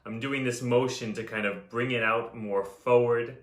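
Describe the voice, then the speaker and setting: A man teaching a voice lesson in a calm, instructive way, with chanted vocal examples. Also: mid-range voice, moderate pace, hardly any pauses, echoey room. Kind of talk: vocal lesson with sung demonstrations.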